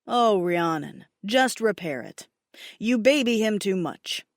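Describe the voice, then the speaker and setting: A woman voicing a stern male dragon lord who teases his mate in a low, coaxing voice in an audiobook. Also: animated, slow, dry recording, studio quality. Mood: teasing. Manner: low, coaxing, often laughing.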